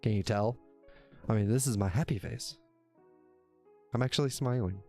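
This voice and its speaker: A man's voice: fairly low pitch, normal speed, darkish tone, soft background music. A man hosting his own livestream show, talking casually to viewers, rambling and correcting himself, with plenty of cursing. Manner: rambling, self-correcting, cursing, laughs often. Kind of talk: casual solo livestream talk. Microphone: desk microphone.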